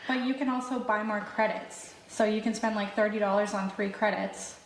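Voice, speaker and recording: A woman's voice: medium pitch, steady tone, normal speed, slight background noise. A woman guesting on a podcast, talking in a frank, joking way. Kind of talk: casual group chat. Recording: echoey room with chatter behind.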